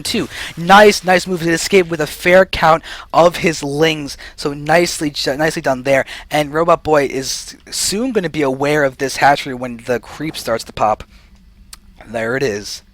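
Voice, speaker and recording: A young man giving solo play-by-play commentary on a strategy game, excitable and short of breath, speeding up then slowing down. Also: a little high. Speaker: esports caster.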